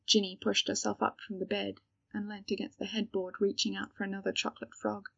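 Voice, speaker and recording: A woman reading a story aloud in a soft, measured storytelling manner, on a dull lo-fi home recording. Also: mid-range voice, level tone, gravelly, slightly rough, dry recording. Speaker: reader. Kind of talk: audiobook narration of fan fiction.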